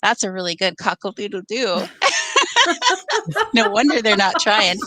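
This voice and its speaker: A woman's voice: mid-range voice, a little fast, bright, forceful tone, low-quality recording. Woman telling a story with laughs. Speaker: guest. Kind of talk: casual storytelling.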